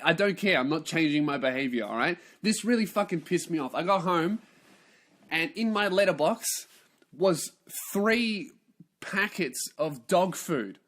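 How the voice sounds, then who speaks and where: A man's voice: fairly high pitch, expressive, moderate pace, fairly bright tone. A young man hosting a podcast, delivering a comedic rant full of swearing and exaggerated outrage. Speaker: podcast host.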